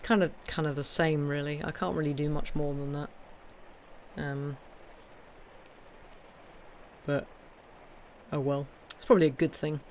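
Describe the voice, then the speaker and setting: A woman's voice: sits low, level tone, a little slow, pauses often, darkish tone, slight background noise. A woman livestreaming, chatting with viewers in a hesitant way before reading a ghost story aloud. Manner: chatty, hesitant, many ums. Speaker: streamer reading ghost stories. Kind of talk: casual chat with live chat, then story reading.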